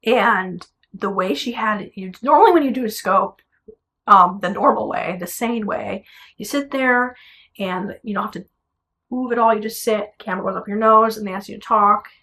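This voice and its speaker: Young female singer for a vlog, blunt and animated with a gravelly edge. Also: medium pitch, moderate pace. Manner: animated, blunt, swears casually. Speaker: singer telling her story. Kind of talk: casual storytelling vlog. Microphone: camera.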